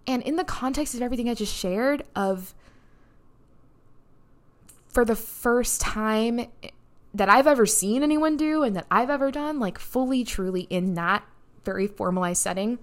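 A woman hosting her own podcast, telling a story casually and excitedly, with plenty of "like"s and a heartfelt, emotional edge. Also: a little high, normal speed, pauses often. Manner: excited, breathless storytelling with frequent "like" and laughs. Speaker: podcast host and neuroscientist. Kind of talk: casual solo podcast recap.

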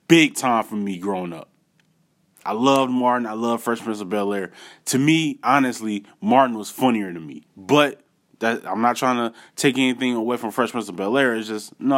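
A man tells a personal story in an easygoing, animated way. He talks straight to his audience with a mid-range voice, slangy asides and loose fillers. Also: mid-range voice. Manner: animated, addresses viewers directly with slangy asides. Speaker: vlogger. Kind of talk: casual storytelling to camera.

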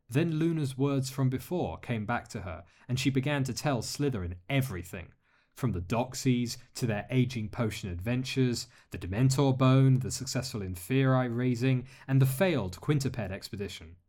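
A man narrating a story aloud as an audiobook reader, steady and expressive. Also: medium pitch, moderate pace. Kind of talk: audiobook reading of fan fiction.

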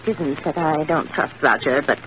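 A woman's voice: normal speed, close to an everyday voice. An actress playing a fussy, proud elderly woman in a 1940s-style radio drama, emphatic and doting on her pets. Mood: indignant. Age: older. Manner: emphatic, sweeps up and down in pitch. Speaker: elderly spinster sister. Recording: hissy dull old radio broadcast.

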